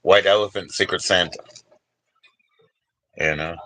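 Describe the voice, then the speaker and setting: Low and fairly bright, his voice stays fairly even in intonation at a measured pace, with no room sound. An older Washington DC-area man, he hosts a laid-back, rambling livestream, reading viewers' names and chatting with them.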